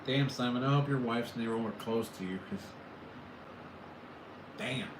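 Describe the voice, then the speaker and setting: A man's voice: mid-range voice, measured pace, background noise. A man from California hosting a casual livestream, rambling and joking with his chat. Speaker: livestream host. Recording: echoey room with faint ambience.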